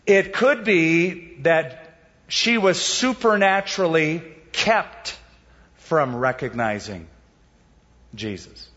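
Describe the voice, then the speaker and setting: A man's voice: mid-range voice, a bit bright, long reverb tail, lo-fi sound. A male pastor preaching a sermon in a conversational, explanatory way. He poses rhetorical questions and walks his listeners through the story.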